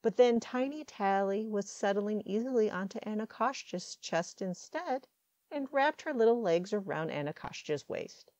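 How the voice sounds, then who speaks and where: A woman reading fan fiction aloud as an audiobook, calm and measured. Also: mid-range voice, no echo, muffled recording. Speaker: audiobook reader.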